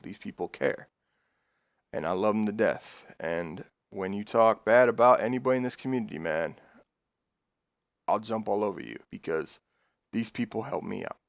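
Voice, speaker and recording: A man chatting casually on his stream, rambling and swearing freely, getting excitable as he tells stories. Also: fairly low pitch, vocal fry, no room sound, clean studio sound.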